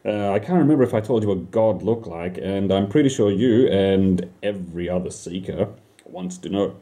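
A man's voice: low voice, normal speed, warm tone. A man telling an absurd comic story about himself in the first person, rambling, swearing and talking back to his listeners.

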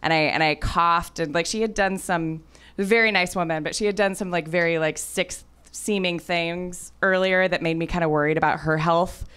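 A woman's voice: fairly low pitch, fairly even intonation, moderate pace, a bit bright, clean tone. Chatty woman, still a bit sick. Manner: chatty storyteller, laughs through lines. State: slightly sick, throat still scratchy. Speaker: podcast guest. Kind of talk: casual anecdote telling.

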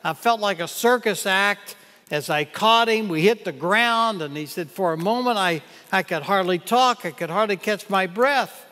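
An older man preaching a sermon as pastor in a church, earnest and measured, reading scripture aloud. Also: sits high, bright, forceful tone. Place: church sanctuary. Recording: long church hall reverb.

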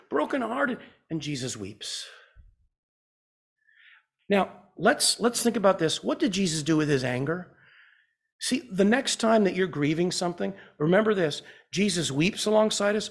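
A male pastor delivering a sermon in a slightly high voice. He swings between loud, urgent emphasis and quiet, hushed passages. He puts rhetorical questions to his listeners. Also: gravelly.

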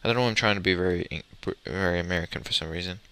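A man's voice: deep voice, very fast, sharp tone, smooth. A young man giving casual, rambling commentary while playing a building game, muttering to himself and swearing mildly. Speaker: gamer commentator.

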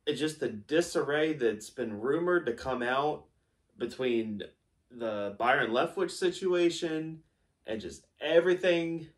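A man's voice: fairly high pitch, animated, unhurried, far from the mic. A man hosting a mock sports interview, firing mock-serious, accusatory questions. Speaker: host, interviewer.

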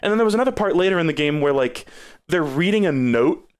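A man's voice: on the high side, expressive, fast, clean tone. A man streaming a game review, talking casually with lots of swearing and exasperated sarcasm.

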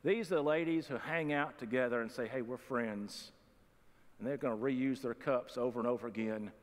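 A man's voice: medium pitch, fast. A man preaching a sermon as pastor, in a folksy, conversational way with humorous asides. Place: church sanctuary. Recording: long reverb of a church hall.

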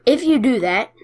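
A woman with a slightly high voice offers casual gameplay commentary, playful and excitable, cheering whenever she wins and taunting the other players.

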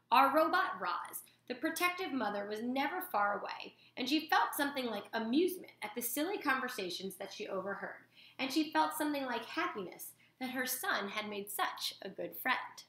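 A woman reads a children's novel aloud, with expressive storytelling and a voice that swoops up and down. Her bright tone, a touch high, rings in an echoey room. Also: moderate pace. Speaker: storytime reader.

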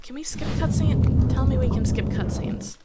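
A woman's voice: high-pitched, normal speed, very noisy. A woman streaming a video game live, reacting with exasperation and frequent swearing as she talks to the game. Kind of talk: live gameplay reaction commentary.

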